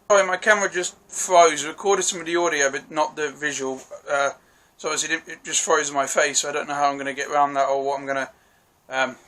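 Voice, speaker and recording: A man's voice: fairly high pitch, steady tone, normal speed, pushed and bright. A man casually recapping and reviewing a TV episode, rambling and apologetic, with lots of fillers and restarts. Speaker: TV review vlogger.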